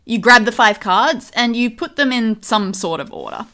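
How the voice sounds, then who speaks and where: A woman running a tabletop puzzle game as game master, reading out clues in a measured way. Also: a little high, expressive, bright, forceful tone. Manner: measured, reads clues out slowly.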